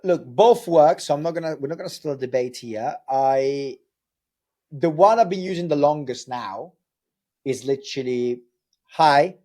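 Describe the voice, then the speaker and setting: A man's voice: medium pitch, normal speed, warm tone. A man with an Italian accent, a sales trainer talking frankly and energetically as a podcast guest, often restarting his sentences. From Italy. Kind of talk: casual podcast chat.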